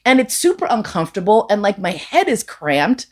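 A woman telling a bawdy story live, with frank profanity and lively acted-out dialogue. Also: mid-range voice, normal speed. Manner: profane, animated, acts out quoted voices. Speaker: storyteller guest.

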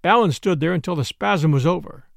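A man narrates a classic story for an audiobook in a measured manner, with a high, gravelly voice that moves broadly in pitch. The close, dry recording carries no room sound.

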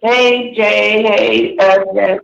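A brash, chatty man calls into a talk show in a high voice. The call sounds muffled and echoey. He talks fast and loose with the hosts. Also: steady tone, vocal fry, a bit bright. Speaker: caller. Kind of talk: casual call-in chat. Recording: dull echoey phone call.

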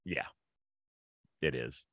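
A man's voice: extremely slow, fairly bright tone, no echo. A man hosting a sports podcast, talking casually and upbeat, often laughing as he chats. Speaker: podcast host.

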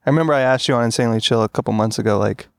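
A man co-hosting a podcast in casual chat, relaxed, with short reactions and reflective turns. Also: medium pitch, racing, dry recording, studio quality.

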